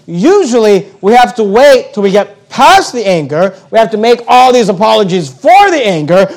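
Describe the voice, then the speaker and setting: High-voiced pastor preaching emphatically. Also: male voice. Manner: emphatic preaching with rhetorical questions and repetition; reads scripture slowly and deliberately. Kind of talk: sermon.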